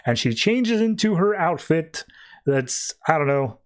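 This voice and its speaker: A man's voice: a little high, very animated, a little slow. A man hosting a comics podcast, recapping and reviewing issues in a loose, rambling casual chat, full of "like"s and restarts. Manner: paraphrases characters in his own voice, without doing accents.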